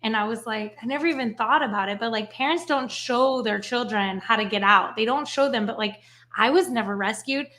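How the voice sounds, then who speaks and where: A French-speaking Swiss woman, guesting on a podcast, tells stories in a casual interview with animated energy. Her fairly high voice moves briskly, often peppered with "right?" and "like."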